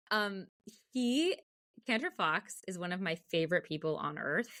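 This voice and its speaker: Lively woman cantor telling her story. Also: medium pitch, measured pace. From United States. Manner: animated, acts out quoted voices. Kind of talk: interview storytelling.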